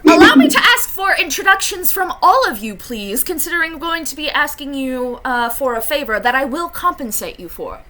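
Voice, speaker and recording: A woman voicing a slow, apologetic, courteous elderly grandparent figure who leans on a cane. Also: high-pitched, sing-song, pushed and bright, voice pushed up, heavily acted.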